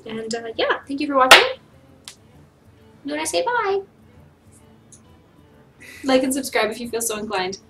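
A woman's voice: sits high, big pitch swings, moderate pace, vocal fry, pauses often. A young woman giving casual gameplay commentary at home, chatting playfully and scolding her cat between plays. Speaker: gaming vlogger. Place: home, indoors. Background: game music.

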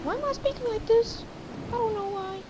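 A woman doing a squeaky, taunting high voice, pitched way up and sing-song. She keeps needling and teasing. Noisy game chat hums behind her. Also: brisk.

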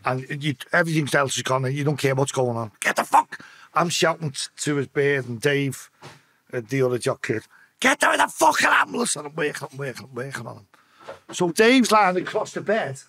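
A medium-pitched man with a Liverpool accent speaks a little fast, his voice a bit bright. As a podcast guest, he tells an emotional story packed with swearing, acting out the voices of people in his tale.

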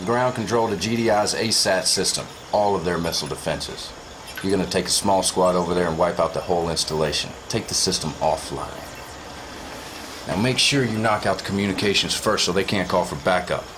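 An actor playing a wry deep-voiced officer. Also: male voice, fairly quick, noisy background, close to an everyday voice. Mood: briefing. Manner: casual, wry briefing tone. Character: gruff male military officer briefing a commander. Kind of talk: game cutscene acting.

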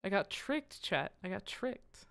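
A woman streamer chatting casually to her live audience, excitable and quick to swear, with sudden loud outbursts, sounding out foreign phrases as she practices them. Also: mid-range voice, creaky. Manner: repeats foreign phrases aloud while practicing.

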